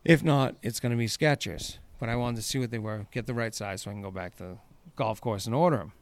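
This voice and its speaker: A man's voice: mid-range voice, fast, no echo. A man hosting a podcast, telling stories in a casual chat, laughing and swearing freely. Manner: laughing, profane storyteller. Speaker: podcast host.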